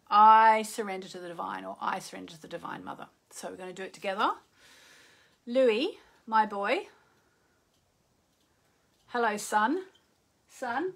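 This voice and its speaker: A woman's voice: mid-range voice, a bit bright. A middle-aged Australian woman, an astrologer chatting casually and rambling with many fillers on a live stream. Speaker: astrologer hosting a live show.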